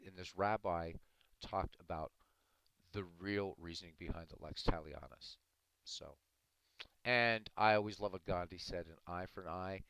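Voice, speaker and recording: Hosting a live stream, a man with a low, gravelly, slightly bright voice argues his views earnestly and answers viewers in chat by name. It's casual commentary, recorded dry with poor audio quality.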